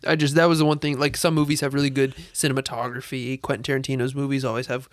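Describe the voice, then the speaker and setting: Male co-host, middle pitch, laid-back film chatter, dry mic. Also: level tone, fast, no room sound. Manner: easygoing, trailing off, hedging. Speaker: podcast co-host. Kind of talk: casual movie review chat.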